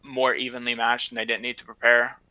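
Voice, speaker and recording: A man with a very bright, smooth voice chats hesitantly about esports on a podcast, leaning on fillers and trailing off. His mic sounds dull and lo-fi, and the room is dry. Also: mid-range voice, monotone, brisk, no echo. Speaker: podcast co-host. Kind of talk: casual esports analysis chat.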